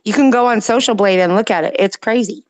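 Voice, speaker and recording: A woman co-hosting a late-night livestream chat, ranting emphatically and rapidly with plenty of profanity. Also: mid-range voice, a little mellow, no echo. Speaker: livestream co-host.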